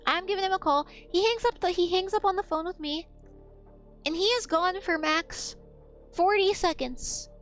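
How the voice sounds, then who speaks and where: A woman's voice: very high voice, moderate pace, a bit bright, faint music behind. A woman streamer telling a story in a blunt, profane, rambling way. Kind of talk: casual storytelling on a gaming stream.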